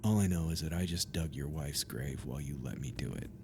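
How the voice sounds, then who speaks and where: Man putting on a gruff survivor type, low menacing growl, tabletop game. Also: fairly quick, noisy background. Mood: bitter. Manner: low, threatening, clipped.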